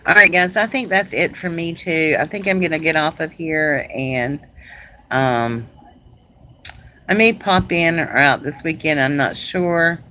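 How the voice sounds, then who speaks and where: A middle-aged woman from South Carolina with a Southern accent, chatting casually and warmly with viewers on a live craft stream, laughing often. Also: sits low, a little slow, slight background noise, poor audio. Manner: chatty and homey, laughs often, says "y'all". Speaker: craft channel host.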